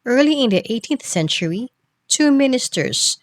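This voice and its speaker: A woman narrating a history textbook as an audiobook reader, in a measured, phrase-by-phrase reading. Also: high-pitched, lively intonation.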